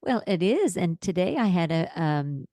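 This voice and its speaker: A woman in her fifties co-hosting a casual podcast, chatty and lively as she tells stories. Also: lowish voice, moderate pace, no echo. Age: 50s. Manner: chatty, warm storyteller, acts out quotes. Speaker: podcast co-host.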